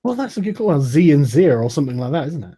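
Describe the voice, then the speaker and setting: A man's voice: on the high side, very animated, fast, warm tone, husky. A man in casual, profane podcast chat, laughing often and mocking with sarcastic put-on quotes.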